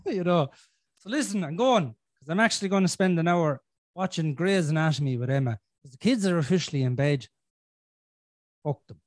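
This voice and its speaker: A man's voice: fairly high pitch, expressive, a little fast, a little mellow, no room sound, clean studio sound. A middle-aged Irish man hosting a casual podcast, swearing and teasing his guest in playful banter. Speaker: podcast host.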